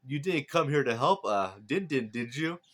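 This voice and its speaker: A man's voice: mid-range voice, animated, normal speed, fairly bright tone, voice pushed up. A man voicing a laid-back, teasing male deity in a breezy way.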